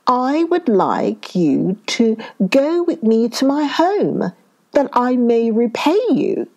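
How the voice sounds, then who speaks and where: A woman's voice: fairly high pitch, sing-song, slow pace, a little mellow, pitched above the performer's own voice, exaggerated voice. A woman voicing a cunning shark. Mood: persuasive. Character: cunning male shark, scheming yet friendly.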